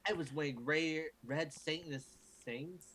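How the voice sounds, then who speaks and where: A man's voice: on the high side, unhurried, fairly bright tone, slightly rough, poor audio. Man reading aloud with mock drama. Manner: mock-dramatic, breaks off to joke and swear. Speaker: group reader. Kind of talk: comic reading aloud of fan fiction. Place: home recording for a livestream.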